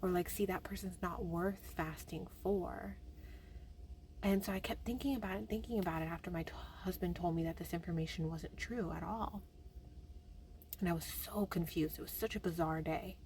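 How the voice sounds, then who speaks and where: A young woman telling a personal faith story in a chatty, animated way, with many fillers. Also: lowish voice, moderate pace, a little hiss or hum. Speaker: vlogger.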